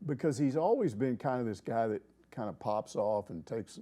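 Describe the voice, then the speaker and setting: A middle-aged man talks sports on his show, laying out his opinions in a loose, rambling way. His voice is mellow and warm, with an even, medium pitch. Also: moderate pace. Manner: rambling, opinionated, acts out quoted people. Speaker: sports talk host. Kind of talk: casual sports chat.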